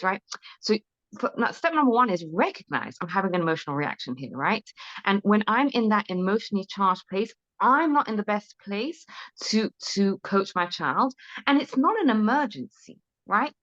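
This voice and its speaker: A woman's voice: medium pitch, sing-song, fairly quick, fairly bright tone, lo-fi sound. A woman guest in an interview, giving parenting advice in an earnest, conversational way, often checking in with "right?" and restarting her sentences.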